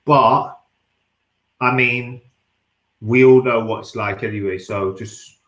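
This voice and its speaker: A man in a casual chat, talking in a measured, halting way and repeating words as he goes. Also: mid-range voice, steady tone, fairly bright tone. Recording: roomy echo.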